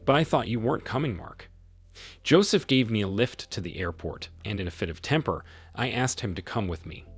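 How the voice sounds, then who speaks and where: This is a storybook wife, distraught and a little drunk, begging forgiveness in a mumbling, quivering way, put on by a man narrating. Her pitch rises and falls a lot, the tone stays husky, and soft music plays under the story. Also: lively intonation, a little fast. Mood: pleading. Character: distraught tipsy wife, pleading and clingy.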